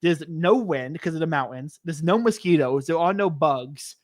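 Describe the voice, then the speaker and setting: A man who hosts a podcast, telling stories in a casual, excitable and rambling way, often restarting his sentences. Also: on the high side, moderate pace, dry recording, clean studio sound. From United States. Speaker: podcast host. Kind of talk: casual storytelling chat.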